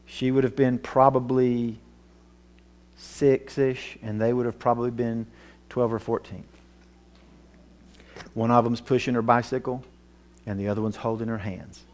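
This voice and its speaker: A man telling a personal story in a sermon, earnest and emotional, his voice dropping low at the tense moments. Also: flat delivery, unhurried, long pauses, a little mellow. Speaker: Bible teacher.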